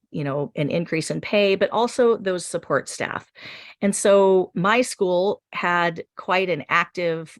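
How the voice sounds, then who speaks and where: A middle-aged woman, a teacher, recounting a story in a group talk, gentle and hesitant with many fillers. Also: fairly low pitch, dry recording, studio quality.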